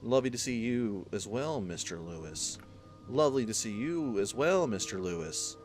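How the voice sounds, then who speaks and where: A man's voice: fairly low pitch, lively intonation, moderate pace, faint music behind, lightly acted. A man reading the lines of a polite woman in a prim, formal manner.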